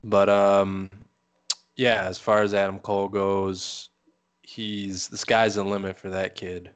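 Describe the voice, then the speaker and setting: Low-voiced man in easygoing chat. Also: slow, clear, resonant tone, dull audio. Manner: relaxed, hesitant, lots of "um". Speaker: podcast co-host. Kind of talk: casual chat.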